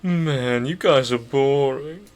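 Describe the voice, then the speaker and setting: A man's voice: medium pitch, a little mellow, lightly acted. A man doing a smarmy cocky schoolboy. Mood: smug. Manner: smug, drawn-out delivery. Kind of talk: reading a visual novel aloud.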